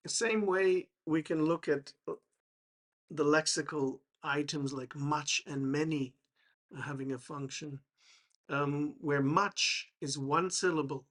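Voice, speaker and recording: A man explaining English grammar to learners, slow and hesitant, with many fillers and restarts. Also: fairly high pitch. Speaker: English teacher.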